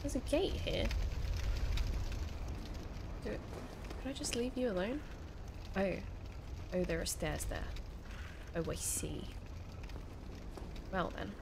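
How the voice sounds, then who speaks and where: Young woman, unhurried and chatty, voicing her reactions and talking to the enemies she fights. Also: medium pitch, sing-song, noisy background. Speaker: gaming video creator. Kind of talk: let's play commentary.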